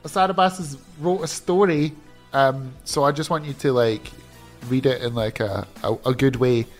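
A man's voice: medium pitch, moderate pace, soft background music. A man co-hosting a podcast in a casual chat, teasing his co-host and laughing often.

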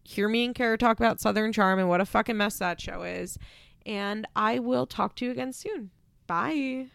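A woman's voice: fairly high pitch, moderate pace, vocal fry, a bit bright, clean tone. A young adult woman hosting a podcast, chatting casually and sarcastically through a reality-TV recap with lots of rhetorical questions. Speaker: podcast host.

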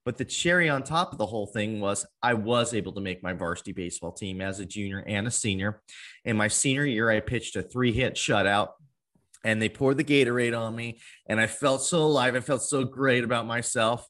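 A man's voice: mid-range voice, brisk, a bit bright. A man in his twenties telling his life story as an interview guest, earnest and acting out old conversations. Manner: earnest, acts out past conversations in quotes.

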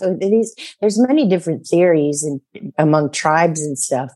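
Chatty, rambling woman with a low voice. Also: unhurried. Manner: rambling, animated storytelling with many fillers and laughs. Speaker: psychic guest. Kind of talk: casual chat.

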